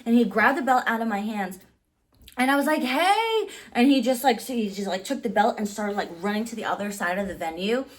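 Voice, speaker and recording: A woman in her thirties recounting a story to camera in a loose, chatty vlog manner. Her voice sits in a middle range, and she peppers her talk with "like" and jumps up high when acting out what people said. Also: fast talker. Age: 30s. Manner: animated, heavy use of "like"; acts out quotes with big pitch jumps. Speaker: vlogger. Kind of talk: casual storytelling.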